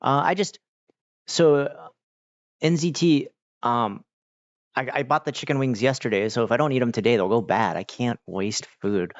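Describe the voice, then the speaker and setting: A man hosting a casual livestream, talking to chat in a relaxed, rambling way with many fillers. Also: medium pitch, moderate pace, dry recording. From United States. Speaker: livestream host. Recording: dull, dry mic sound.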